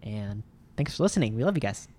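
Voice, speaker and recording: A man's voice: on the low side, sing-song, fast, a little mellow, slight background noise. A man co-hosting a podcast in casual chat, easygoing and joking. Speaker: podcast co-host.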